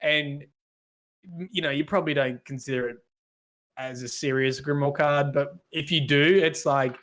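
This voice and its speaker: Rambling Australian podcast host. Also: male voice, a little high, steady tone, normal speed, a bit bright. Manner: rambling, many restarts and fillers. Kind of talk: casual gaming podcast chat.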